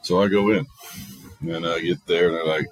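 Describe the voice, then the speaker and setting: A middle-aged podcast host delivers a casual monologue, telling stories bluntly and with plenty of profanity. His gravelly, husky voice sits low in pitch, with a steady tone and a moderate pace. The recording quality is low.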